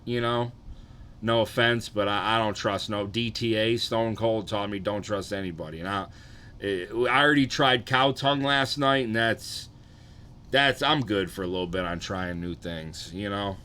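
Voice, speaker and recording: Bright-voiced, profane male streamer. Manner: rambling, profane, low-key. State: tired, low energy. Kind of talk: casual live-stream chat.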